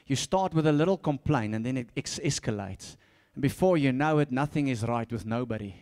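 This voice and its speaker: A man preaching a sermon, swinging between soft asides and loud, repeated calls, often laughing and stumbling over his words. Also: medium pitch, lively intonation, brisk. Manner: laughs often, stumbles and restarts when fired up. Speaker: pastor.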